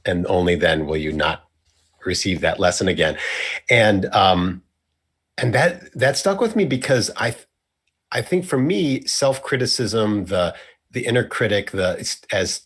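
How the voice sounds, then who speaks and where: A young man hosting a relaxed talk show. His voice sits low with a husky edge. He rambles and circles back on his sentences, with playful asides. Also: a little slow. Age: young adult. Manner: rambling, self-correcting, playful. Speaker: host. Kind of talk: casual conversation.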